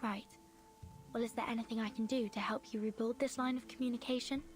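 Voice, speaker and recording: An actress voicing a composed young woman timekeeper who asks calm, direct questions. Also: a little high, quick pace, faint music behind, natural voice.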